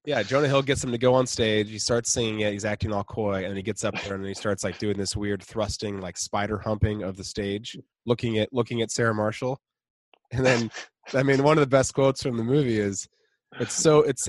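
A man's voice: lowish voice, steady tone, a little fast, no echo. A man co-hosting a podcast in casual chat. He talks enthusiastically, laughs often and acts out quotes. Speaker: podcast co-host.

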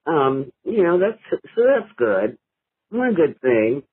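An older man from Ohio leaving a laid-back, rambling voicemail, full of drawn-out uhs and small laughs. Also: a little high, big pitch swings, slightly rough, no room sound, phone-quality sound. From Ohio, USA. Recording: phone voicemail.

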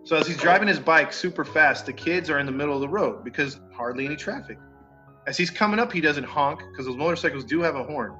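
Bright-voiced man telling a story. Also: on the high side, fast. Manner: animated, acts out quoted neighbors, mild cursing. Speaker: podcast storyteller. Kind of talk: casual storytelling chat. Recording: dull lo-fi sound with faint music.

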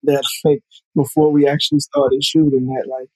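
A man's voice: mid-range voice, little pitch movement, normal speed, a little mellow, dry recording, poor audio. A man from Alabama with a Southern US accent, a film director chatting loosely as a podcast guest and leaning on lots of fillers. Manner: loose and conversational, lots of "you know" fillers. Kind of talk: casual podcast conversation.

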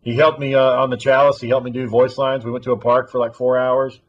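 A man's voice: mid-range voice, little pitch movement, fast talker, husky, highs cut off. A man telling a long story in casual chat, rambling and swearing freely.

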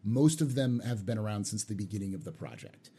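A man's voice: on the low side, animated, fairly quick, mellow, slightly rough. A man hosting a casual podcast chat, reading out viewer questions and restarting his sentences often. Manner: restarts often, loose and conversational.

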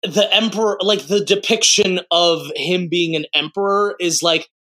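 Podcast co-host, man in his late twenties, bright and high, animated. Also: normal speed. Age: 20s. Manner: animated, acts out quotes in raised voices. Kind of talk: casual movie chat.

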